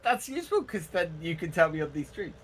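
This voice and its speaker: A man doing live esports commentary on a farming game, animated and quick to laugh. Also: on the high side. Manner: animated, laughs often, drawn-out phrasing.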